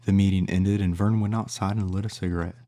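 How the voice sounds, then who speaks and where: A man narrating an audiobook in a measured, steady reading. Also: deep voice.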